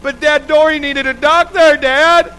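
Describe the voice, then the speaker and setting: A man's voice: extremely high pitch, steady tone, measured pace, sharp tone, pitched above the performer's own voice, full character voice, low-quality recording. A man voicing his stubborn three-year-old daughter, pleading insistently and ending lines with "Dad". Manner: insistent, pleading, says "Dad" at each line's end.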